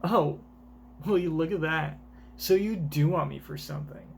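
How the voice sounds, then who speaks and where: A man's voice: a little high, normal speed, creaky, a little hiss or hum. A man voicing a coy, scheming young woman scientist in a teasing, sing-song voice while reading a manga aloud in voices.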